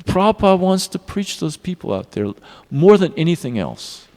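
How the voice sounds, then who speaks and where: A man giving a devotional class in a temple hall, telling personal stories in an earnest, animated way. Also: high-pitched, moderate pace. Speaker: class speaker. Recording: long reverb of a hall.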